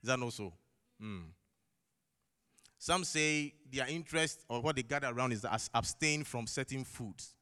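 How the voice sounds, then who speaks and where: A man's voice: mid-range voice, moderate pace, pushed and bright, clear, resonant tone. A man with a non-native English accent preaching a sermon in a church, emphatic, putting rhetorical questions to the congregation and repeating key phrases. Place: church hall. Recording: long echo of a large hall.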